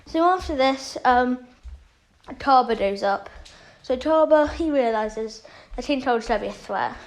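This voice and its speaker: A woman's voice: high voice, animated, measured pace, rough recording. A woman casually retelling a fan story, rambling with many fillers.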